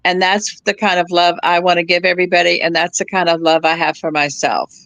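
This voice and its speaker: A woman's voice: fairly low pitch, level tone, fairly quick, dry recording. A woman in her seventies, a guest chatting casually, telling personal stories with easy laughter and frequent restarts. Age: 70s. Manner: warm storyteller, laughs easily, restarts phrases. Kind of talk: casual chat.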